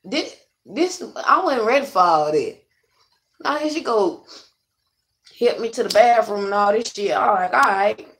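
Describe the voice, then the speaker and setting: Young woman vlogger, casual venting, blunt and profane, talks straight to viewers, mid pitch. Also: animated, measured pace, pauses often. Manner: blunt, profane, rambling storyteller; addresses viewers directly.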